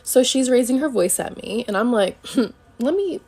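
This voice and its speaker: A woman's voice: a little high, lively intonation, moderate pace, dark tone, breathy edge. A woman who works retail, telling a casual storytime in a sassy, conversational way. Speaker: retail worker.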